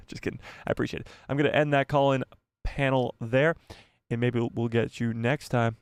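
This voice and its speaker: A man's voice: medium pitch, steady tone, moderate pace, smooth, dry recording. A man hosting a live stream, chatting casually with viewers, joking and rambling with frequent laughs. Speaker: livestream host.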